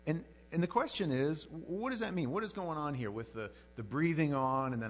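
A man preaching a sermon in a conversational, animated way, often restarting his sentences. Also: on the high side, a little fast.

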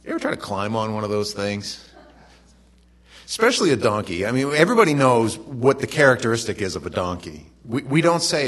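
A man with a fairly low voice preaching to his congregation. He talks like he is telling a story to friends, casual and animated, with quick asides and questions to the room. A middle-aged pastor in an easy, unhurried sermon.

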